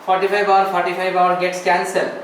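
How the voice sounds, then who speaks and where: A man's voice: high-pitched, completely flat delivery, a little fast, a bit bright. A man teaching a classroom math lesson, explaining step by step, repeating phrases and asking rhetorical questions. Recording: echoey room, far from the mic, faint noise.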